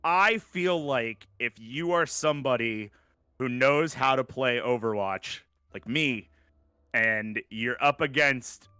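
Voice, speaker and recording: Bright, crisp-voiced podcast host ranting. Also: male voice, medium pitch, slow pace, no echo, studio quality. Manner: opinionated, ranting, sarcastic. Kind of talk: casual gaming podcast chat.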